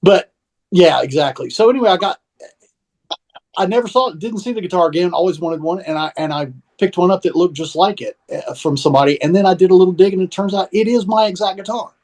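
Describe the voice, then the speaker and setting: A man's voice: high voice, fast, darkish tone, low-quality recording. A man with a Southern US accent, chatting casually as a podcast co-host, rambling and self-deprecating with many restarts. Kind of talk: casual phone chat.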